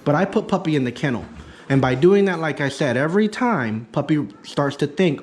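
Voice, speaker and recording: Emphatic male dog trainer, higher voice. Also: fast talker, soft background music. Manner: emphatic, repetitive teaching, acts out excited praise. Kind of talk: in-home consultation.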